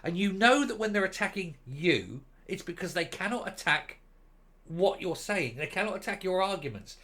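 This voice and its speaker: A man's voice: high-pitched, expressive, moderate pace, sharp tone. A man giving opinionated, sarcastic commentary on a news article in a ranting manner. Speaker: commentary vlogger.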